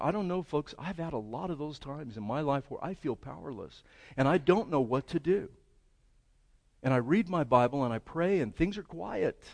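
A man. His sermon is animated and conversational. He keeps tossing questions to the congregation and acts out the prayers he talks about. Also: on the high side. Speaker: pastor.

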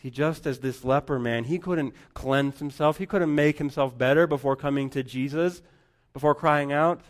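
A man preaching a sermon, rising to loud emphatic lines and dropping to near-whispers. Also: fairly high pitch, moderate pace. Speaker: pastor.

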